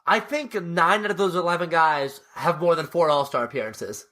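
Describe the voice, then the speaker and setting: A man's voice: a little high, normal speed, a crowd in the background. A young man from New Jersey co-hosting a casual sports podcast, joking and putting on mock-somber tributes. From New Jersey, USA. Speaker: podcast co-host.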